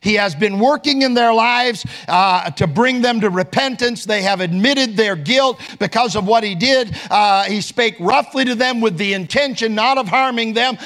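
High-voiced preacher. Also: male voice, a bit bright. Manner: folksy preaching, quotes scripture in King James wording, rises in pitch for emphasis. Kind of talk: sermon.

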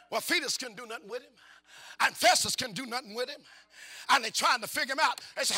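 A middle-aged man preaches in a very high voice. His tone is sharp and bright as he moves from quiet asides to fervent shouts. He keeps asking the congregation whether they are with him. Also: fast, husky. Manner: folksy, repetitive, questions the congregation. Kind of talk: call-and-response sermon.

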